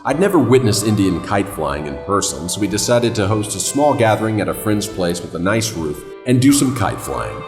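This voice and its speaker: A man's voice: on the low side, very animated, moderate pace, few pauses, long reverb tail, music in the background. A man giving dry, wry scripted voice-over narration for a travel vlog.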